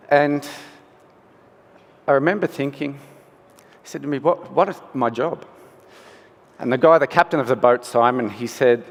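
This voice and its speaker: A male scientist, telling a first-person story in a relaxed, conversational way during a conference talk. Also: medium pitch. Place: conference hall. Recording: long hall reverb.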